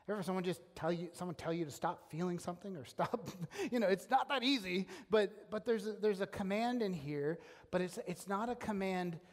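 A man's voice: high voice, moderate pace. A man preaching a sermon as a pastor, earnest and emphatic, often restarting his phrases. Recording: long hall reverb.

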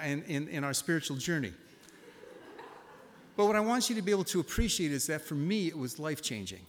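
A man in his sixties giving a sermon, telling a personal story and swinging from hushed reflection to loud exclamations. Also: on the high side. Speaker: pastor. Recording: long reverb of a hall.

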